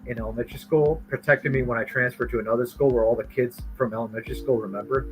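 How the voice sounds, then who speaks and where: A man's voice: medium pitch, fast, low-quality recording. Rambling storytelling man over music. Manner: rambling, animated storytelling with acted quotes. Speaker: artist streamer telling a story. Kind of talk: casual storytelling chat. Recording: music playing behind.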